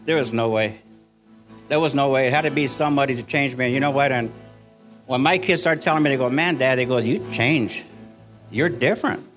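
An older man giving an earnest church testimony, halting and repeating himself, with faint music behind. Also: medium pitch, a bit bright. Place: church service.

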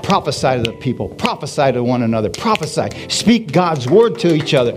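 A pastor preaches an energetic sermon at a church service, asking the congregation questions in call-and-response and repeating "Hallelujah" as he goes. His voice is medium-pitched, a little fast with few pauses, and faint music plays behind.

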